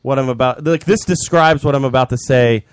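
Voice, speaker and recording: A man's voice: mid-range voice, a little fast, clean tone, dry recording. A young man co-hosting a podcast, casually rambling through a story with lots of animation. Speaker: podcast co-host. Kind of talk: casual chat.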